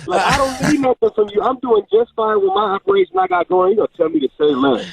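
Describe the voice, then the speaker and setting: A man's voice: very high voice, big pitch swings, fast talker, creaky. A caller in his twenties from Oakland, telling a story in a laid-back, slangy way over the phone. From Oakland, California. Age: 20s. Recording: muffled phone line.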